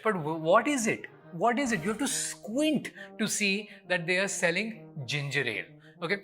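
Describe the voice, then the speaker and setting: A young man with an Indian accent rants through a comedy commentary, sarcastic and exasperated. His voice is bright and lively, leaping up and down in pitch, with faint music underneath. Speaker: comedian and show host. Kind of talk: scripted comedy commentary rant.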